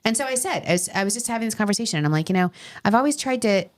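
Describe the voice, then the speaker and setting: A middle-aged woman with a New York accent, hosting a podcast as a casual chat and telling animated stories. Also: medium pitch, rapid-fire. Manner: animated storyteller, quotes people in voices. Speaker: podcast host.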